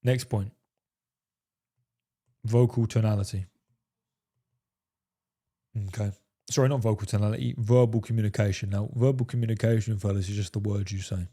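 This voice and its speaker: A man's voice: lowish voice, fairly even intonation, moderate pace, long pauses, mellow. A man talking straight to his viewers as a dating coach, emphatic and profane, peppering his talk with "fellas" and "right?". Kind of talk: coaching monologue to camera.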